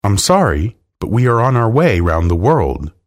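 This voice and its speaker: A man voicing a brisk, firm nanny in a storybook reading. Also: lowish voice, big pitch swings. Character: prim, firm nanny Mary Poppins.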